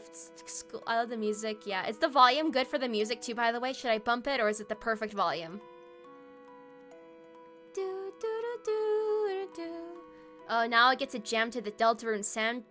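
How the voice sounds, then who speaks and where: A woman's voice: fairly high pitch, fairly quick, hardly any pauses, pushed and bright. A woman streamer chatting playfully with her viewers during a casual gaming livestream. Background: faint game music.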